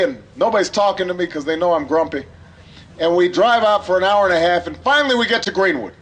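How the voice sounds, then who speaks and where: A political candidate telling an anecdote at a campaign rally, in an easy storytelling manner that builds to a rousing call-and-response. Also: male voice, high voice, a bit bright, rough recording.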